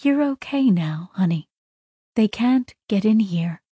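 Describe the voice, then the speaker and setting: A woman's voice: medium pitch, lively intonation, measured pace, slightly rough, no room sound, clean studio sound. A woman voicing a kindly, protective voice that speaks from inside a machine, fussing over protocol and reassuring a frightened girl. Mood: soothing. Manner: urgent then soft and reassuring, fussy about protocol.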